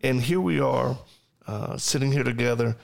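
A man's voice: medium pitch, normal speed, creaky. A man hosting a podcast conversation, encouraging his guests with short affirmations. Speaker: host.

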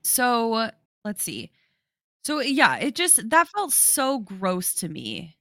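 A woman's voice: on the high side, huge pitch swings, slow, sharp tone, no echo, clean studio sound. A woman co-hosting a podcast in casual chat, laughing often and swearing. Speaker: podcast co-host.

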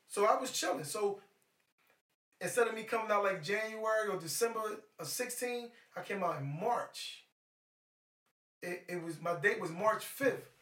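A middle-aged man, a guest in a casual chat, telling stories in an animated, profane way. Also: high-pitched, moderate pace, recorded from a distance. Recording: echoey room, off-mic.

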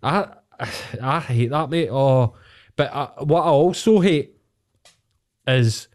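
A man's voice: mid-range voice, slow pace, a little mellow. Glasgow guy ranting on a podcast, swears constantly, all fired up. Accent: Scottish, Glaswegian. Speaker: podcast co-host. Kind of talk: casual chat.

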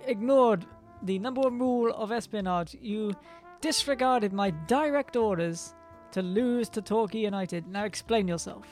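A man's voice: high-pitched, moderate pace, darkish tone, faint music behind, lightly acted. A man playing a stern, pompous male spy chief who gives orders in a clipped, commanding way.

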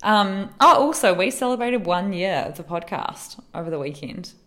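A woman co-hosting a podcast, telling animated stories in casual chat, acting out quotes and laughing often. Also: medium pitch, normal speed. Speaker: podcast co-host.

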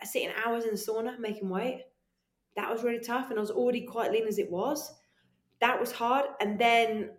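A woman guest on a podcast, telling animated stories in casual chat, swearing freely and acting out her own voice. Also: medium pitch. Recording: echoey room.

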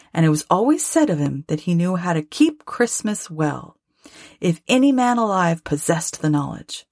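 Husky woman reading a storybook. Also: lowish voice, dry recording, clean studio sound. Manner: expressive, lively phrasing. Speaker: narrator.

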